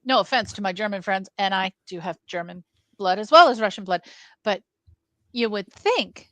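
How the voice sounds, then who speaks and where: A woman's voice: medium pitch, animated, normal speed, a bit bright, dry recording. A woman co-hosting a film club, thinking aloud in casual talk and addressing the live chat. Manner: thoughtful, speaks to chat, musing asides.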